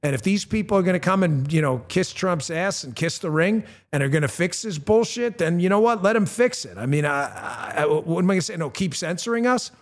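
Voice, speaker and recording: A male talk show host with a punchy, blunt delivery who reads his own ads and turns loud and high-pitched when outraged. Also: lively intonation, a little fast, hardly any pauses. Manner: conversational, with fillers and restarts. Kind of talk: talk show monologue with ad read.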